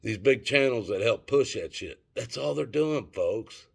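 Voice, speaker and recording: A man's voice: mid-range voice, expressive, a little slow, creaky, breathy edge. A middle-aged man telling a story and ranting to his viewers in a rambling, profane, casual way. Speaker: vlogger.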